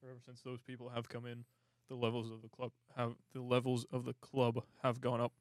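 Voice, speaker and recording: A man's voice: mid-range voice, monotone, a little fast, darkish tone, no echo. A man co-hosting a casual fan podcast, giving blunt, opinionated takes. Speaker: podcast co-host.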